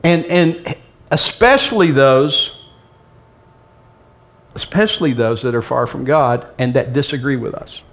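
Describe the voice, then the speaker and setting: A man's voice: medium pitch, unhurried, long pauses, fairly bright tone. A middle-aged male pastor giving a sermon in a church, conversational and humorous, acting out bits of dialogue. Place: church sanctuary with congregation.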